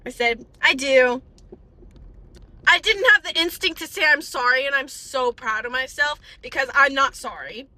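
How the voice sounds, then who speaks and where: Bright-voiced chatty young woman. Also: high voice, moderate pace, hardly any pauses, dry recording. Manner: chatty, animated, giggly, stumbles over words. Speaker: vlogger. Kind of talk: casual chat, reading facts aloud.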